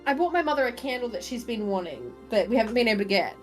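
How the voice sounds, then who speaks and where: A woman with a fairly high voice whose pitch swings a lot as she plays a tabletop game. She chats loosely and swears without a second thought. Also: quick pace, faint music behind. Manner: animated, swears freely. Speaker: player. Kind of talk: casual tabletop game play.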